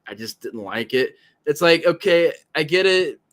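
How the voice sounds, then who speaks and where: A man hosting a podcast in casual movie talk, animated and profane, often acting out lines he quotes. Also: a little high, normal speed. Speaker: podcast host.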